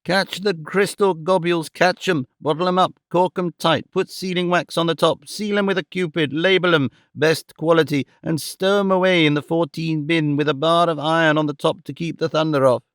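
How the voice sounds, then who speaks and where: A man's voice: fairly high pitch, fairly even intonation, normal speed, few pauses, a bit bright, clear, resonant tone, no room sound, studio quality, pitched above the performer's own voice, close to an everyday voice. A man voicing an eccentric, flowery old male neighbour in an audiobook reading. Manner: flowery, theatrical, drawn out.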